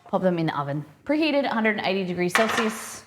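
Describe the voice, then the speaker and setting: A woman's voice: mid-range voice, sing-song, fast, heavy background noise. A woman hosting a casual live cooking stream, chatting and thinking aloud with rambling asides as she works in a kitchen.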